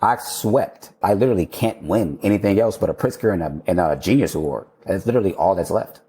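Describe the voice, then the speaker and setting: Male guest, 30s, deep warm voice, casual storyteller, laughs often, swears casually. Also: lively intonation, brisk. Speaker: architect guest.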